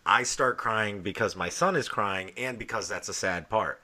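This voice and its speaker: A man's voice: on the low side, normal speed, sharp tone. A man in his thirties co-hosting a podcast, telling stories in a joking, profane, casual way. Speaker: podcast co-host. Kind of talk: casual chat.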